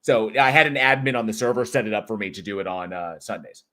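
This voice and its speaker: A man's voice: on the low side, fast, sharp tone. A man hosting a live online talk stage, chatting casually and joking with listeners as he greets them. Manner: chatty, jokey, rambling. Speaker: host.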